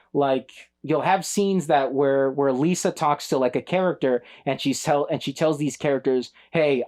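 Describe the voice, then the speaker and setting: Animated man reviewing a cult film. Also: a little high. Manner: animated, acts out movie lines in funny voices. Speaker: podcast co-host. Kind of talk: casual film review chat.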